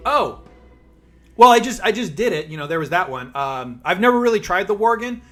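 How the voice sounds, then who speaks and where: A man streaming live, chatting fast and casually with his viewers and reading their messages aloud. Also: sits high, expressive, a bit bright. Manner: chatty, fast-talking, reads chat aloud. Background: background music.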